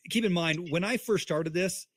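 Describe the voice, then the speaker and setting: A man on a video call, his voice pitched a bit high and the sound very dry. He talks in a heated, profane and emphatic way, repeating his point with force. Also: moderate pace, no echo. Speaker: co-host. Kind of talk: heated livestream chat.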